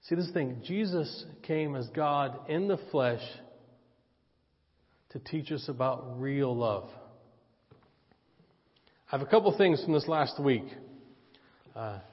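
A man preaching a sermon, telling a personal story, joking with the congregation and switching between loud emphasis and quiet asides. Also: mid-range voice, lively intonation, slow pace, pauses often. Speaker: pastor. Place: church sanctuary. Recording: dull church audio with long reverb.

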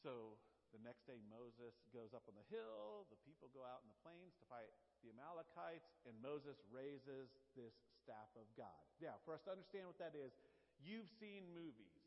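A male pastor preaching a sermon, retelling scripture in a relaxed, conversational way. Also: medium pitch, moderate pace. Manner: conversational storytelling, paraphrasing scripture in casual words. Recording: dull lo-fi sound with long hall reverb.

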